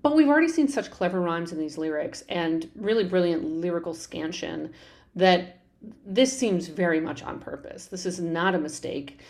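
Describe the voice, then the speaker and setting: A woman's voice: on the low side, expressive, normal speed, darkish tone. A woman podcast host talking through a show tune's lyrics in a conversational, explanatory way, with frequent fillers and restarts. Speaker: podcast host analyzing a musical. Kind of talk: conversational analysis.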